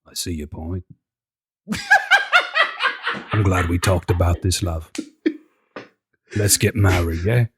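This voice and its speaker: A man putting on a calm, mellow English bloke. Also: deep voice, slow pace, long pauses, slight background noise, voice pushed down. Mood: soothing. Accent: mock English. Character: calm laid-back English man, soothing.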